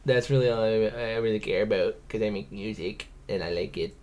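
A man's voice: on the low side, brisk, a little mellow. Man, young adult, podcast host, casual chat, dry, teasing, swears.

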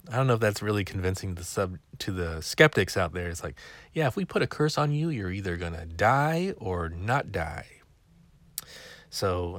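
A man's voice: low-pitched, no room sound. A man hosting a podcast, rambling in a chatty, wry way. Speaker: podcast host. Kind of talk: casual chat.

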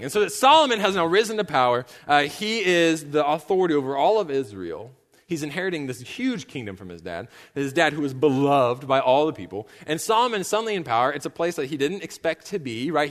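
A man delivering a sermon in a casual, storytelling manner, slipping into quick bits of dialogue for the characters he describes. His voice sits a little high for a man. It rings out in a church hall with a long reverb tail. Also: fairly bright tone. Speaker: pastor. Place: church sanctuary.

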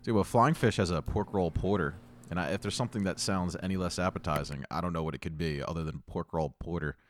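A man's voice: low-pitched, quick pace, slight background noise. A young man co-hosting a podcast in casual chat, enthusiastic and teasing, often saying dude. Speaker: podcast co-host.

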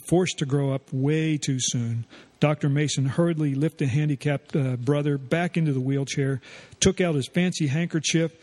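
Folksy man telling a radio story. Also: fairly high pitch. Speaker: radio show co-host.

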